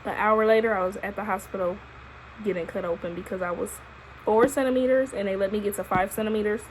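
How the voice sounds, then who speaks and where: A young woman, a new mother casually telling her birth story to camera in an expressive, profane way. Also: medium pitch, fast, a little hiss or hum, low-quality recording. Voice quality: expressive, profane, animated retelling. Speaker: vlogger, new mom. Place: at home holding her baby.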